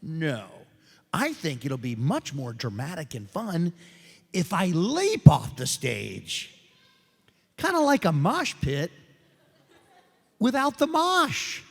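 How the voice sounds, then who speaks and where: Speaking slowly in a husky, creaky voice on the high side, a man pauses often while taking audience questions as a guest on a voice actor convention panel. He's an animated, joking storyteller who performs the voices he quotes, and the stage room echoes.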